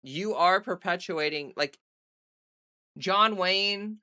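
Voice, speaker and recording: A woman's voice: fairly low pitch, takes it slowly, pushed and bright, clean tone. A woman chatting casually on her own livestream, rambling with lots of fillers and restarts, blunt and defiant, swearing freely. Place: home streaming setup under bright lights.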